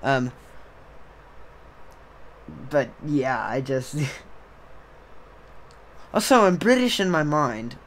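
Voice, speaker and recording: A man's voice: mid-range voice, big pitch swings, extremely slow, pauses often, a little hiss or hum. A young man hosting a podcast, talking in a rambling, casual monologue that keeps trailing off and restarting. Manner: rambling, trailing off, self-interrupting. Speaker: podcast host.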